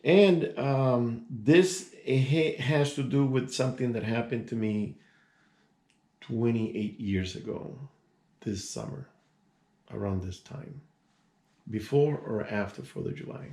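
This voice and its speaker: Older man in his sixties with a gravelly, creaky voice. Casual storyteller who rambles and restarts. Echoey room. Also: mid-range voice, slow, a little mellow. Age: 60s. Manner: rambling, digressive, many restarts and asides. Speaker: vlogger telling a personal story.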